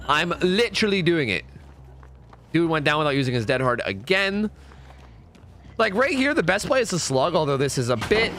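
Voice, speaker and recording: A young man giving casual, jokey commentary while streaming a horror game, chatting and breaking into sudden high exclamations. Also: animated, normal speed, noisy background.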